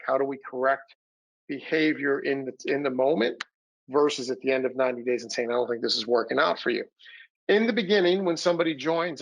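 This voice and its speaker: In this webinar talk, a man recovering from illness sounds a little winded as he gives sales training over a video call, coaching energetically and acting out quoted dialogue. His voice is mid-range and creaky, and the audio is dull.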